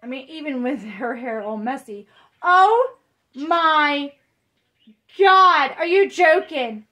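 Gushing high-voiced woman unboxing. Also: lively intonation, slow, pushed and bright. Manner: gushing, breathless exclamations. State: shaky with excitement. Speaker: reborn doll collector. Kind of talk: excited unboxing vlog.

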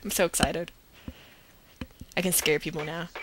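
A teenage girl giving casual let's-play commentary, talking to herself with excitable bursts of exclamations. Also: lowish voice, normal speed, slight background noise. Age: teens. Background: loud game music.

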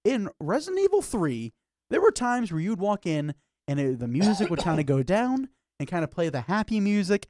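A man's voice: sits high, sing-song, normal speed, darkish tone. A man co-hosting a podcast, chatting casually about games and horror, acting out scenes in put-on voices. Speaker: podcast co-host.

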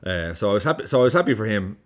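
With a lowish voice and rapid-fire delivery, a man vlogs lively, laid-back football commentary. He curses without restraint and plays out his reactions.

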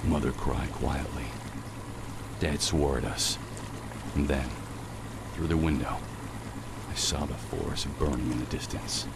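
Deep, somber game narrator. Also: male voice, creaky, heavily acted. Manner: slow, somber, deep storytelling voice. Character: brooding grown man recalling a violent drunk father. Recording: game audio under loud ambient noise.

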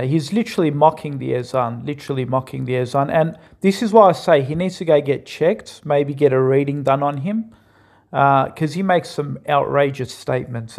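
A man's voice: medium pitch, creaky. Earnest man arguing in a reaction video. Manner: earnest, argumentative, repeats points. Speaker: commentator reacting to a clip. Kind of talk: reaction commentary.

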